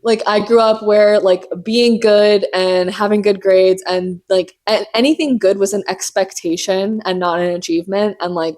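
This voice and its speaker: A young woman hosts her own podcast in a loose, chatty way. She talks at a middle pitch, sounds jittery from caffeine, and swears casually while teasing herself. Her delivery races ahead in animated bursts. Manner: animated, profane, self-mocking, fast bursts. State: caffeinated and hyped. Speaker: podcast host. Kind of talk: casual solo podcast chat.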